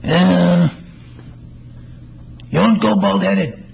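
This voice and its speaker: An author reading his own play aloud, voicing an excited grown man who boasts and lectures a friend. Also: sits high, extremely slow, creaky, pitched above the performer's own voice, exaggerated voice. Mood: lecturing. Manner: eager, insistent, lecturing a friend. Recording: slightly muffled with faint hiss.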